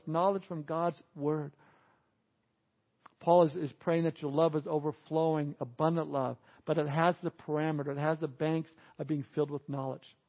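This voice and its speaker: A man preaching a sermon as a pastor, animated, acting out quoted people in exaggerated voices. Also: a little high, muffled recording.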